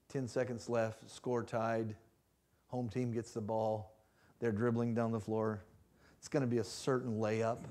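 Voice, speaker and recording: Guy preaching a sermon in church, tells stories, gets loud at the peaks. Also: medium pitch. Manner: builds from hushed to loud preaching climax; storytelling with shouted acted-out cries. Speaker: evangelist. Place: church sanctuary.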